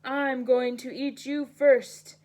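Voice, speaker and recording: A smelly, greedy troll from a bedtime story, shouting and blustering at anyone crossing his bridge, played by a woman reading aloud. His threats come out loud, slow and heavy. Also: mid-range voice, lightly acted. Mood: gruff.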